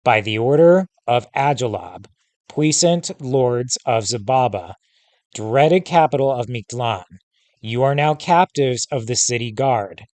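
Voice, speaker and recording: Brief: raspy, guttural undead captain, menacing, read by a man for a storybook. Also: medium pitch, expressive, measured pace, darkish tone, no room sound, close to an everyday voice. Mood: threatening.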